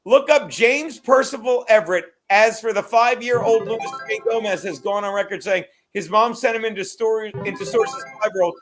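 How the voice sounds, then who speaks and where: Man, high-pitched voice, crude joking podcast chat, rambling. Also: normal speed, few pauses, faint music behind. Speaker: podcast co-host.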